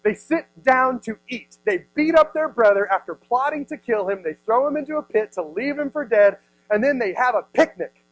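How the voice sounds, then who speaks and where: A man's voice: extremely high pitch, lively intonation, brisk, dry recording, low-quality recording. A man in his thirties, a youth pastor, giving a playful sermon and acting out the people in the story. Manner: playful, acts out voices, many "like"s. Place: youth service room.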